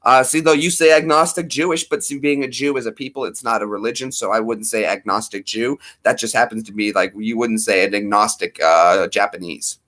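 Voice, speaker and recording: A man's voice: lowish voice, fairly even intonation, brisk, hardly any pauses, a bit bright. A man in his thirties hosting a casual livestream, rambling playfully and talking to viewers by name. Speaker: livestream host.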